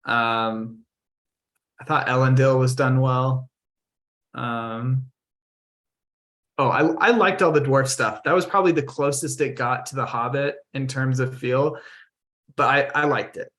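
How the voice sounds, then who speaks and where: A man co-hosting a podcast talks at an unhurried, slow pace. He sounds laid-back and laughs often between his points. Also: mid-range voice, steady tone, fairly bright tone. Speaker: podcast co-host. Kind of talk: casual podcast chat.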